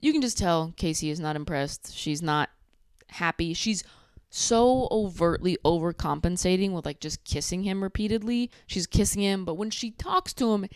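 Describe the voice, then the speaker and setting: A young woman recapping a reality show in a sarcastic, animated way, acting out what people said. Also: fairly low pitch, normal speed, clean tone, no room sound, studio quality. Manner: sarcastic, animated, acts out quotes. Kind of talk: casual recap commentary.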